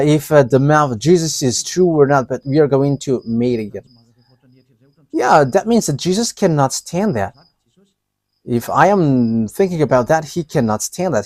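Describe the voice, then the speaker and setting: A man preaching a live sermon, talking in short, halting, broken phrases. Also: a little high, darkish tone, dry recording.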